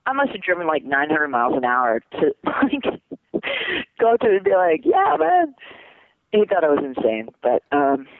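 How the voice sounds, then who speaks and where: A man, a voice actor being interviewed, chatting casually, excitable and laughing often, calling people "dude". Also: fairly high pitch, moderate pace, no room sound. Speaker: voice actor guest. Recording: tinny phone line.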